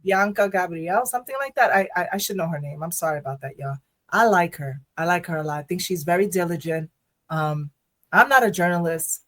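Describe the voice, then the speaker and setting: A woman co-hosting a podcast in casual chat, animated, laughing often and repeating her phrases. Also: lowish voice, a little fast. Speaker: podcast co-host.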